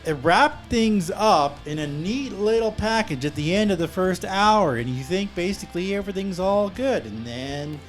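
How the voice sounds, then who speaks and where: A man co-hosting a movie review podcast, chatting in a joking, relaxed way with plenty of "uh"s. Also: high-pitched, normal speed, few pauses, faint music behind. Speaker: podcast co-host, film reviewer.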